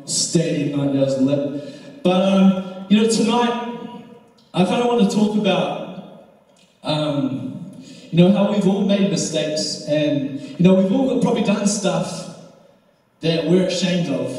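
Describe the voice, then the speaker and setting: A young man giving a casual youth sermon, telling a story with lots of fillers and animated bursts. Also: fairly high pitch. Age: young adult. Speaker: youth speaker. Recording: roomy hall from far off.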